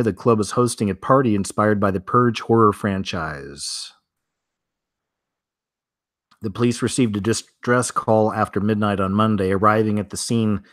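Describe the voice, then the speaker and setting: Guy doing weird news of the week, lowish voice, dry sound, reads stuff then rambles. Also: fairly bright tone, dry recording. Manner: chatty, reads headlines then riffs with asides. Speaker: news commentary host. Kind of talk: casual news commentary.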